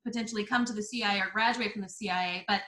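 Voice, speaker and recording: Woman guest chatting, bright voice, lots of ums, echoey room. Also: medium pitch, steady tone. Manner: warm, earnest, many "um" pauses. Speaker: podcast guest. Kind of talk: casual interview chat.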